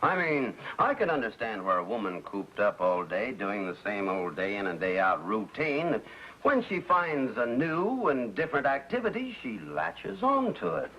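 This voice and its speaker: Bumbling 1950s sitcom dad, pompous and animated, old dull TV sound. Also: male voice, mid-range voice, moderate pace, slightly rough. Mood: grumbling. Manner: flustered, then pompously speechifying. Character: bumbling middle-aged suburban husband and father. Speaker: sitcom actor.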